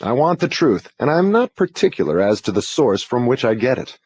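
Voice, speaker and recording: Man voicing a stern interrogator, husky, lively pitch, formal, insistent, dry sound. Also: a little fast. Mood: demanding. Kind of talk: audiobook dramatization.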